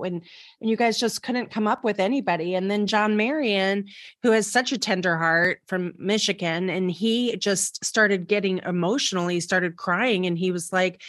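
A woman co-hosting a podcast, telling a story in casual, animated chat with many restarts. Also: medium pitch, moderate pace, no room sound, clean studio sound. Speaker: podcast co-host.

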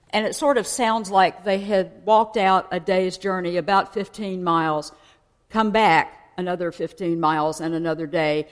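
A woman preaching a sermon in a conversational way, explaining and asking her listeners questions. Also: on the low side. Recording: long hall reverb.

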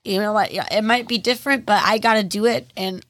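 A woman on a podcast telling her story in an emotional interview, halting and apologetic, close to tears. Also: mid-range voice, fairly even intonation, fairly bright tone, no echo. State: on the verge of tears. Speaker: podcast guest. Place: podcast studio under lights.

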